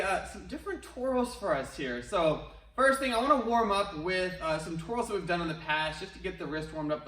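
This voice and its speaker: A man's voice: high-pitched, bright, forceful tone, a little hiss or hum. A male martial arts instructor, coaching an online class in an upbeat, encouraging way. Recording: echoey room, mic at a distance.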